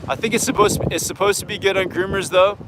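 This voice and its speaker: High-voiced Canadian man, wind on mic. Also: steady tone, quick pace. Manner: easygoing, frank, thinks aloud. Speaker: snowboard coach and channel host. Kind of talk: live viewer Q&A chat.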